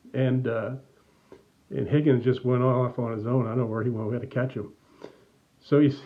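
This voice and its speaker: A man's voice: mid-range voice, phone-quality sound. A middle-aged man telling a children's story in a church message, acting out the voices as he goes. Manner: animated, acts out voices. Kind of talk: storytelling to kids.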